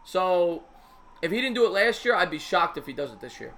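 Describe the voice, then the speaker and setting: A man with a higher-than-average, bright, forceful voice hosts a live call-in sports show. He talks in a chatty, easygoing way, apologizes often and teases his callers. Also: very animated, fairly quick. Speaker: sports talk show host.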